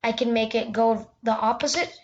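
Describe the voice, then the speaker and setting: Chatty higher-pitched woman walking through a tutorial. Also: fairly even intonation, normal speed, highs cut off. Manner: chatty, loose, with restarts and "yeah". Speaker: tutorial host. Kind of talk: casual screen-recorded tutorial.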